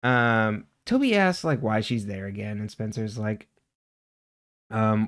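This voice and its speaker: Speaking slowly in a lowish, slightly bright voice, a man co-hosts a podcast, laughing frequently as he casually retells scenes from a TV episode and quotes its characters.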